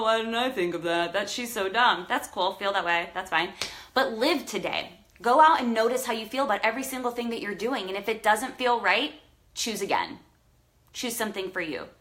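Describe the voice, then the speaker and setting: A woman's voice: mid-range voice, sharp tone. A woman life coach in a motivational vlog, talking straight to her viewers, emotional and effusive, with frequent swearing for emphasis. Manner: effusive, profane, emphatic pep talk.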